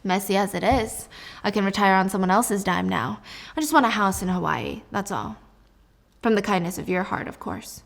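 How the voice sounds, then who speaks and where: A smug, corrupt middle-aged police chief, as a woman puts him on, talking softly and low while he blackmails. His voice stays hushed and calm. Drama recap. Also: normal speed, vocal fry.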